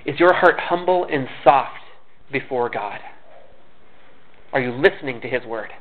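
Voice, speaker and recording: A man's voice: mid-range voice, animated, a little slow. A man preaching a sermon in an earnest, conversational way, often restarting his words. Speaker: pastor. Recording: tinny phone-like sound.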